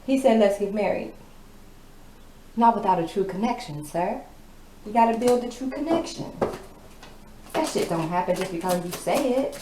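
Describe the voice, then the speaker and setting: A woman's voice: mid-range voice, animated, moderate pace. Blunt, profane woman reading tarot. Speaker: tarot reader. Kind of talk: casual tarot reading to camera. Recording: echoey room with background noise.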